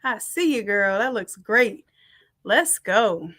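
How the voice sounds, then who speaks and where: A middle-aged woman teaching a design class on a live stream, reading out the chat and warmly thanking people by name. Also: medium pitch, expressive, takes it slowly. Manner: warm, effusive thanks and shout-outs.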